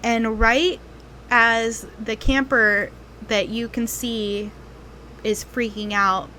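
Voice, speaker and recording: A woman game master narrates a tabletop role-playing session in a fairly high voice. She talks slowly, with lots of ums and thinking pauses, and a faint hum sits behind her. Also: steady tone, sharp tone. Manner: unhurried storytelling with frequent ums and pauses.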